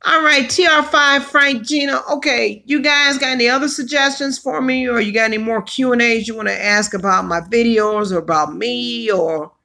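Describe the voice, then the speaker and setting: Woman, livestream host, bright forceful tone, slightly high voice, hoarse, calls out to chat. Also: normal speed, few pauses. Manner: chatty, exclaims and calls out to viewers. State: hoarse from allergies. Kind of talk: casual livestream chat with viewers.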